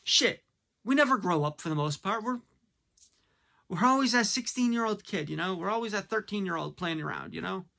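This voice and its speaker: Blunt man ranting with bright tone. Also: sits high, expressive, a little fast, gravelly. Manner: blunt, conversational, frequent fillers and rhetorical questions. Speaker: commentator. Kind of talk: casual opinion monologue.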